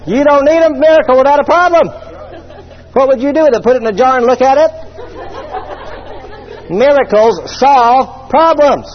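Male preacher, high and husky, jokey sermon delivery, dull lo-fi recording. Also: animated, a faint crowd, a little hiss or hum. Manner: humorous, voices imagined listeners, reads scripture slowly.

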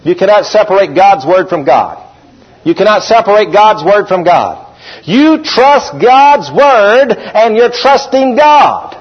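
A man preaching a lively sermon as pastor, calling out to his congregation. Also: on the high side. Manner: animated preaching, calls out to the congregation. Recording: dull lo-fi recording.

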